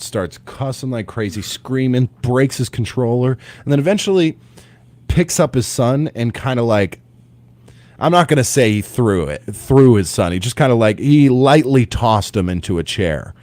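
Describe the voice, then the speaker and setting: A man chats on a morning radio show, his fairly low voice rolling through stories full of restarts and asides. He sounds at ease behind the studio mic. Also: moderate pace. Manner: rambling, animated storytelling with many restarts. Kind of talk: casual radio chat.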